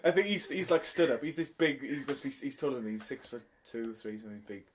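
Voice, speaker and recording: A man's voice: mid-range voice, animated, fast, a crowd in the background. A man, a teacher and podcast co-host, telling a funny story in casual chat and laughing often as he acts out voices.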